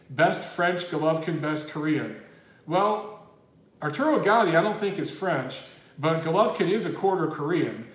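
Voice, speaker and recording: In an echoey room, a boxing livestream host with a slightly high voice reads out super chats from viewers. His casual chat rambles along, talkative and full of the word "dude."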